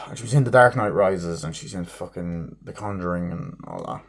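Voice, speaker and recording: Profane rambling man reviewing a movie. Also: low voice. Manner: profane, rambling, acts out scenes in quick snippets. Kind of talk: casual spoken review.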